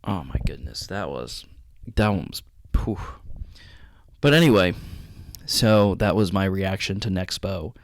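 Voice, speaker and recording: A man hosting a reaction video at home at night, rambling and halting as he talks, sounding shaken. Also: low-pitched, animated, no room sound. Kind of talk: casual reaction commentary.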